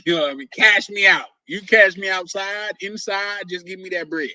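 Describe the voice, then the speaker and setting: A man's voice: high voice, normal speed, sharp tone, no echo, low-quality recording. A man hosting a casual live stream chat, joking, stumbling over and repeating words, and laughing often.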